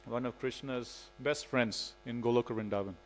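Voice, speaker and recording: A man's voice: mid-range voice, steady tone, moderate pace, a little hiss or hum, low-quality recording. A man giving a devotional scripture class in a temple, telling stories in a casual way with frequent "you know". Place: temple hall.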